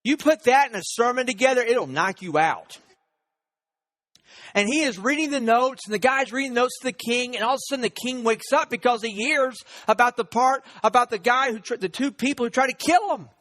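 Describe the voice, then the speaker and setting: Preacher retelling a story in a high voice. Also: male voice, fairly quick, a bit bright. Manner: storytelling, acting out the characters' lines. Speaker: pastor. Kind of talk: sermon.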